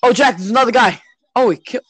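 A young man hosting a podcast, chatting casually and excitedly while coaching a friend through a video game. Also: very high voice, fast, slightly rough, no echo. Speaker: podcast host. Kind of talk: casual chat while gaming.

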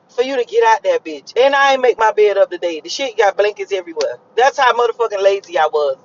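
A man's voice: sits high, animated, brisk, highs cut off. A young man in a car, rambling and cursing as he reflects on his morning. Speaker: vlogger. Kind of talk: casual morning monologue while driving.

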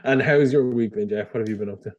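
A man's voice: lowish voice, fast, muffled recording. A man co-hosting a podcast in casual chat, dry and understated. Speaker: podcast co-host.

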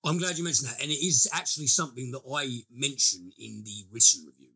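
A man reviewing a film in casual podcast chat, animated and crude, breaking off mid-sentence. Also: mid-range voice, fast, husky. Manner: animated, crude, self-interrupting.

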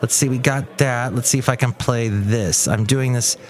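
A man's voice: medium pitch, fairly even intonation, moderate pace. A man hosting his own podcast in a rambling, playful monologue. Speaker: podcast host. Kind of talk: casual comedic monologue.

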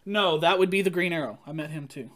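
A man co-hosting a podcast, chatting casually and telling playful stories with quick jokes. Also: on the high side, fairly bright tone. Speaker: podcast co-host. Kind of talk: casual chat.

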